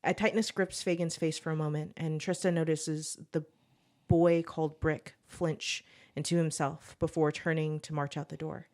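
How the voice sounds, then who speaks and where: Low-voiced woman reading her story. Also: normal speed. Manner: steady storytelling read, laughs often in chat. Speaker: podcast co-host. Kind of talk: reading her own story aloud, then casual chat.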